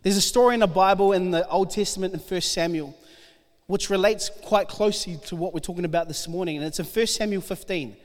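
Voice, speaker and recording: Animated male preacher in a reverberant hall. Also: sits high, fairly quick. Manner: animated, acts out the Bible figures' lines. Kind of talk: sermon reading scripture aloud. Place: church hall.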